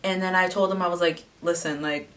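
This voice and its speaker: A woman's voice: lowish voice, monotone, fast talker, fairly bright tone, distant mic. A young woman telling a personal story in casual vlog chat, full of "like" fillers. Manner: chatty, lots of "like" fillers. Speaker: vlogger.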